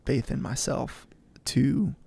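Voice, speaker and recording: A young man with a gravelly, creaky edge talks through a faith podcast, earnest and sincere, often restarting his sentences. The sound is dry and close, with no room around it. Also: mid-range voice, slow, dark tone, no room sound. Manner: earnest storyteller, repeats words as he thinks. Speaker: podcast co-host. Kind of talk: casual faith podcast chat.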